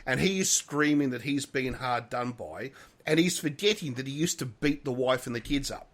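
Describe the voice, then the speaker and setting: A man's voice: mid-range voice, moderate pace, fairly bright tone. A man co-hosting a podcast, rambling through political talk and apologizing for talking too much. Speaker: podcast co-host. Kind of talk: casual political chat.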